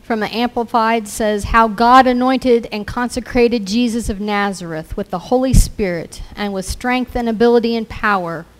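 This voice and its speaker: A woman's voice: fairly high pitch, moderate pace, few pauses. A woman preaching a sermon in an earnest way, repeating scripture lines as declarations.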